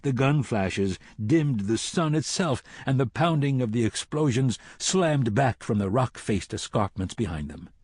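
A man narrating a novel as an audiobook in a measured, solemn storytelling manner. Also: mid-range voice, expressive, a little mellow, slightly rough, no room sound, clean studio sound. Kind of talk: scripted narration.

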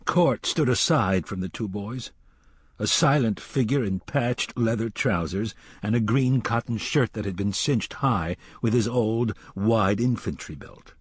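A man reading a dark fantasy audiobook in a measured, dramatic storytelling manner. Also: on the low side, breathy edge, dry recording, clean studio sound. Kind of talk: audiobook narration.

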